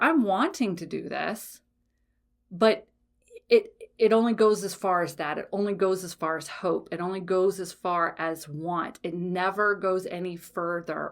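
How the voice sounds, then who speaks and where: A woman hosting a solo podcast, talking frankly and casually, swearing freely and often checking in with "okay?". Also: on the low side. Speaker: podcast host.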